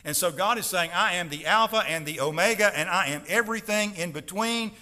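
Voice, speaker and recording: A high-voiced, bright-toned man preaching from the pulpit. He presses his points with emphasis and rises to loud declarations, and his voice rings through the long reverb of a large church hall. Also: fairly quick. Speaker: pastor. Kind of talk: sermon. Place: church sanctuary.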